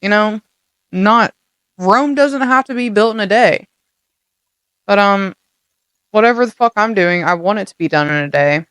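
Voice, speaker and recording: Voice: mid-range voice, moderate pace, long pauses, a bit bright, smooth, no room sound, clean studio sound. A young adult podcast host giving a casual motivational monologue, blunt and heavily profane, full of streetwise slang.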